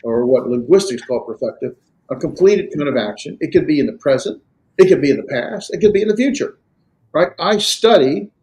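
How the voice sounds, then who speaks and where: A man's voice: a little high, expressive, fairly quick, darkish tone. A man teaching a class on verbs in a conversational lecture style, often checking that students follow and dropping dry sarcastic asides. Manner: conversational, checks understanding with "right?". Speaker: Greek grammar teacher.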